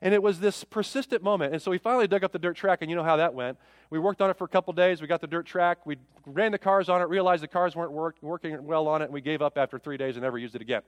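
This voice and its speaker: A middle-aged man preaching with a high voice, driving home his points with rhetorical questions that swell and drop. His voice comes across dry and close, with a long reverb tail from a large hall behind it. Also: rapid-fire. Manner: impassioned, rising and falling preaching with rhetorical questions. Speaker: pastor. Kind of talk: sermon.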